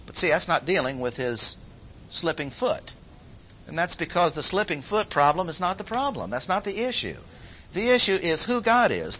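Emphatic preacher man, bright tone. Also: very animated, low-quality recording. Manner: emphatic, slow repeated phrases with sudden pitch jumps. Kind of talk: sermon.

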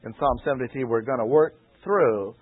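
A man's voice: medium pitch, breathy edge. Man teaching scripture over tinny radio. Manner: measured, deliberate, repeats key phrases for emphasis. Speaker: preacher. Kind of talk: expository Bible teaching. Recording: tinny phone-like old radio recording.

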